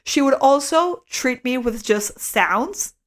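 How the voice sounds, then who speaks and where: A young adult woman telling a story as a podcast co-host, animated, swearing freely and saying "like" a lot. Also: sits high, slow pace. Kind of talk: casual storytelling chat.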